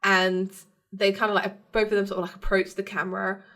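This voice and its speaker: A woman's voice: mid-range voice, level tone, a little fast, a bit bright. A woman co-hosting a podcast, chatting casually as she recaps a TV episode, acting out characters' lines and laughing often. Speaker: podcast co-host.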